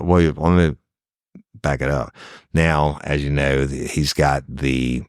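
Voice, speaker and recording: A middle-aged man tells a true crime case in a very deep voice, swearing freely and talking straight to his listeners. He sounds incredulous and casual, as if chatting. The recording is dry and close, with no room sound. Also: fairly even intonation, slow pace, clean tone, no echo. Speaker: true crime podcast host.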